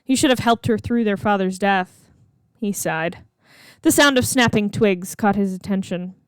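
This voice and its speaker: A woman reading her own fan fiction aloud in a steady, expressive storytelling voice. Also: medium pitch, normal speed, smooth, dry recording, studio quality. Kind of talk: storybook read-aloud narration.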